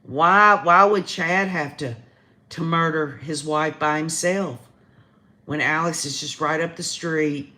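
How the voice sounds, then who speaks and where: A woman with a low, sharp-toned voice takes her time as she speaks. With a Southern American accent, she hosts a casual livestream and chats directly with viewers in live commentary.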